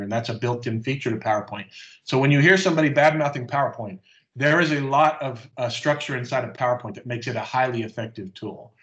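A man presenting at a conference, walking through a live software demonstration step by step in a casual, explanatory way. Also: mid-range voice. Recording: slightly dull lo-fi audio.

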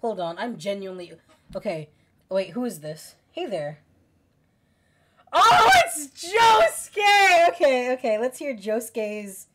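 A young woman streaming a game, chatting casually with her viewers, excitable, giggly and quick to swear. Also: mid-range voice. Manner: excitable, giggly, swears freely, talks to chat. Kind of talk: casual let's-play commentary.

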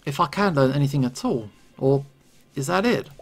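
A man's voice: medium pitch, animated, moderate pace, gravelly. A man giving rambling, casual commentary while playing a story game, stumbling over words with chuckling asides. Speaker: gaming video creator. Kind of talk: let's play commentary. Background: faint game music.

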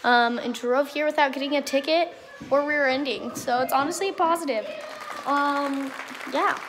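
A woman's voice: high-pitched, normal speed, crowd noise, noisy background. A teenage girl chatting casually in a vlog, swearing a lot, filmed on a phone in her car. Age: teens. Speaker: vlogger. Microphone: phone camera.

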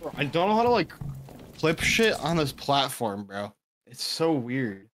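A man's voice: mid-range voice, sing-song, unhurried, fairly bright tone, slight background noise. Joking, slangy male gamer buddy. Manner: loose, slangy, joking, says "bro" a lot. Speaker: teammate. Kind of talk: casual gaming chat.

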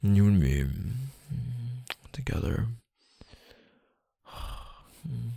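A young man speaking softly and hesitantly in a whispered role-play, as an affectionate boyfriend. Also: fairly low pitch, big pitch swings, very slow, vocal fry, breathy edge, dry recording, clean studio sound. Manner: soft-spoken, hesitant, affectionate. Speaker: ASMR boyfriend roleplay creator.

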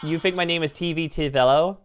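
A woman voicing an excitable male TV-headed cartoon hero who exclaims, panics and hosts a game show. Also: low voice, fairly quick, heavy background noise, close to an everyday voice. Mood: hosting. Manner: frantic, exclaiming and goofy.

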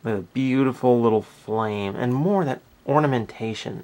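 A man reviewing toys from his collection in a casual, talkative way. His voice sits at an ordinary middle pitch. He sounds enthusiastic and ready to poke fun at himself. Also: unhurried, hardly any pauses, darkish tone. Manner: enthusiastic, chatty, self-deprecating asides. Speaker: toy reviewer.

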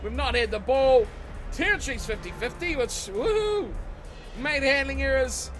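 Aussie guy with a really high voice ranting over a rugby game, game music going behind him. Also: normal speed. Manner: excitable, swearing and yelling at the game. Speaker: gaming channel host. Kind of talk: let's-play commentary over a rugby video game.

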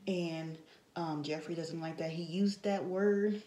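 A woman's voice: on the low side, steady tone, unhurried, mellow, reverberant, slight background noise, low-quality recording. A woman recapping a reality TV episode in a casual, chatty way, full of fillers and blunt asides. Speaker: TV show reviewer.

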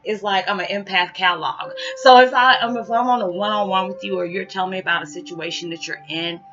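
A woman's voice: medium pitch, steady tone, fast talker, a bit bright. A woman vlogging casually to her viewers, rambling with many fillers and calling them y'all. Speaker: spiritual vlogger. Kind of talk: casual direct-to-camera talk. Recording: muffled audio with background music.

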